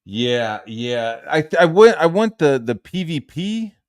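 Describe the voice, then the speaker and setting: A man hosting a casual, profanity-heavy chat about a video game, animated and acting out quoted voices. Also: a little high, slow, dry recording, clean studio sound. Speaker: host.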